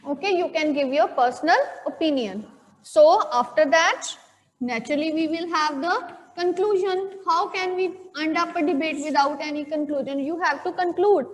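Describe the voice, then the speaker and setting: Speaking at normal speed in a high-pitched voice with a big-room sound, a female teacher with an Indian English accent lectures her class. She goes through things step by step, repeating the main points and asking "okay?" to check understanding.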